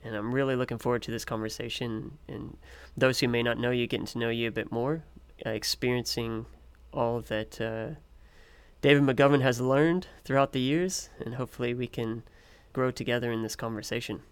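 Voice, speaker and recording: A man hosting a podcast with a hoarse, worn voice, speaking in a friendly and earnest way as he introduces and interviews a guest. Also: mid-range voice, fairly even intonation, moderate pace. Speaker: podcast host.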